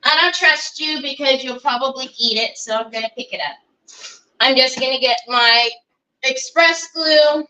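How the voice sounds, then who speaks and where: A woman's voice: sits high, normal speed, sharp tone, rough recording. A woman hosting a live crafting demonstration, chatting and thinking aloud as she works and greeting viewers by name. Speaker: craft livestream host.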